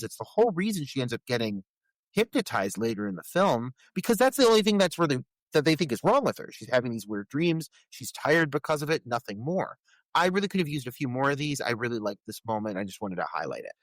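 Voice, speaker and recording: A man's voice: mid-range voice, sing-song, a little fast, no echo, low-quality recording. A man co-hosting a podcast, talking earnestly and with enthusiasm about a horror film's scenes. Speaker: podcast co-host. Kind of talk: casual film discussion.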